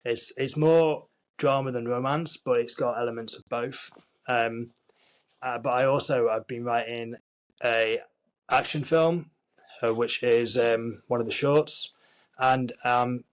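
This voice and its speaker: A man's voice: medium pitch, rough recording. A man with a Yorkshire accent, an actor and screenwriter talking earnestly as an interview guest, with many restarts and fillers. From Yorkshire, England. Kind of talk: casual interview chat.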